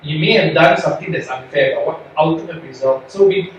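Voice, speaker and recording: A man's voice: on the high side, fairly quick. A man, a lawyer, giving an earnest, rambling talk to young lawyers, full of rhetorical questions. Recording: echoey hall from far off, faint noise.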